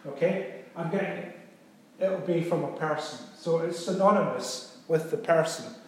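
A man preaching a sermon, talking it through like a teacher and pausing to ask if everyone is with him. His voice sits a little higher than most men's. The recording carries a heavy echo from a big reverberant room. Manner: conversational teaching, checks in with "okay?". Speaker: pastor. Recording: very echoey room.

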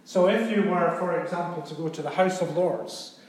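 A man's voice: fairly high pitch, moderate pace, a little mellow. A male pastor giving a sermon in a conversational, teaching way, often checking in with his listeners. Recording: very echoey room.

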